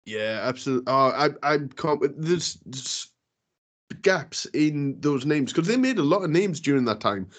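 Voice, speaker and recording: A man interviewing a guest, asking questions with many pauses and restarts. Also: a little high, animated. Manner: hesitant, many fillers and restarts. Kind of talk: casual interview.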